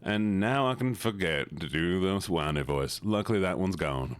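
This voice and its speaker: A man's voice: low voice, expressive, normal speed, smooth, no echo, clean studio sound. Playful mumbling male streamer. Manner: playful, mumbly asides to chat. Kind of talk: casual live-stream chat.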